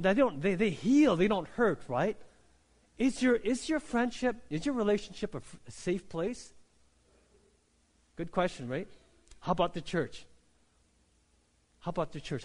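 A man, a pastor, preaching a sermon in a conversational way, checking in with "right?" and restarting his phrases. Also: high-pitched. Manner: conversational preaching, frequent "right?" and "you know" tags, repeated restarts.

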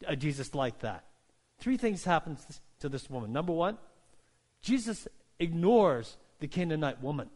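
A male pastor preaching a sermon, moving from hushed, quiet passages to loud, rising calls and asking the congregation questions. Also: on the high side, big pitch swings, normal speed. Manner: asks the congregation questions, repeats phrases.

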